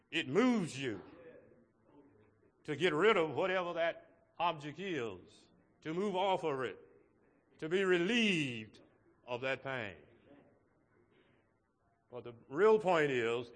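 A man preaching a sermon to his congregation in a slow, measured way, with emphatic rises on key words. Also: fairly high pitch, fairly bright tone, long reverb tail. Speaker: pastor.

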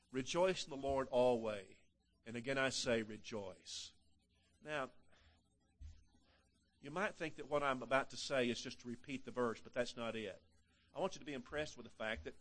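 An older male preacher giving a sermon, with emphatic delivery that swings between loud and hushed passages and frequent repeated words. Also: mid-range voice.

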